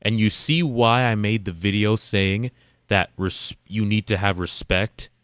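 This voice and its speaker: Man host, lowish voice, blunt and preachy commentary, dry close sound. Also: a little slow, a bit bright, smooth, no room sound. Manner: blunt and emphatic, lecturing other men. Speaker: reaction video host. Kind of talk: casual commentary to the camera.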